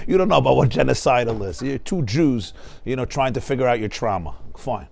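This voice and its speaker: A man, a rabbi, giving a lively, joking Torah class in a study hall, acting out the people he describes. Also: medium pitch, a little fast, vocal fry. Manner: animated, joking, acts out voices of people he describes.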